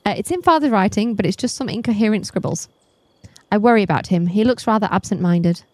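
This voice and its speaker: A woman voicing an earnest, dutiful young man who has returned home, reading game dialogue in a slightly lowered, steady, polite voice. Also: quick pace, no room sound, natural voice. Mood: concerned.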